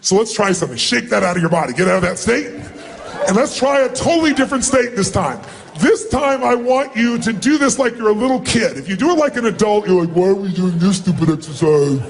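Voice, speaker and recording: A middle-aged man as a motivational speaker, addressing a huge live seminar crowd in an emphatic, commanding way and often shouting instructions. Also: very high-pitched, expressive, brisk, vocal fry, a little hiss or hum. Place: large event hall with thousands of people.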